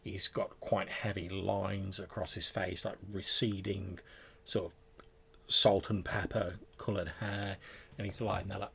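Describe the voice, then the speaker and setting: A man's voice: deep voice, level tone, measured pace, gravelly, bright, forceful tone, slightly rough. A man narrating a tabletop game as game master, describing the scene with hesitant fillers.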